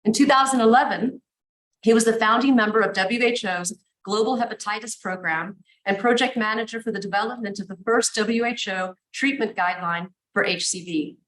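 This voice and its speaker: A woman's voice: on the high side, a little fast, fairly bright tone, low-quality recording. A woman moderating a conference session, welcoming the audience and introducing a speaker with enthusiasm.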